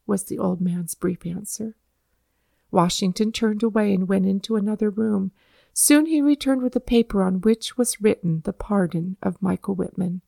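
A woman narrating a historical storybook in a calm, measured reading voice. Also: mid-range voice, gravelly, no echo.

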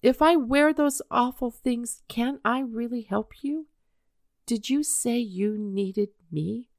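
A woman voicing an earnest, emotional young boy with a high, tearful, pleading voice. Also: takes it slowly, a little mellow, no room sound, studio quality.

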